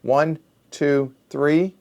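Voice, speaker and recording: A man's voice: fairly high pitch, steady tone, extremely slow, a little mellow. A middle-aged man playing a solo board game, counting aloud under his breath and correcting himself as he thinks. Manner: muttering, self-correcting. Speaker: board game show host.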